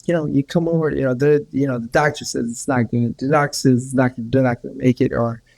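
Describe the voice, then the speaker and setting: A man's voice: mid-range voice, fairly even intonation, fast, gravelly, a little mellow. A man, a healer guest on a podcast, telling a story in a rambling way with many repeats and restarts. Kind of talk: casual storytelling.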